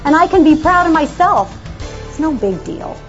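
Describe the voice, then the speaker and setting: High-voiced woman giving an emphatic pep talk. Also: big pitch swings, normal speed, highs cut off, music in the background. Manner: emphatic, exhorting, repeats short commands. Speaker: motivational speaker. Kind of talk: motivational talk to a live audience.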